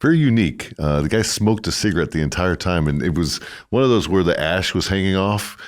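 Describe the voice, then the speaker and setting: American podcast host, middle-aged, very deep and lively voice, teasing and halting. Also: male voice. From United States. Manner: teasing, halting, repeats words. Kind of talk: casual conversation.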